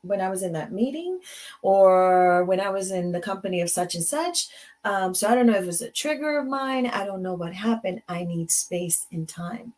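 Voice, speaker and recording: A woman's voice: medium pitch, animated, moderate pace, darkish tone. A woman hosting a casual motivational talk, slipping into Spanish phrases and acting out little dialogues. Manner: conversational, mixes in Spanish phrases, acts out dialogue. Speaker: host; advocate.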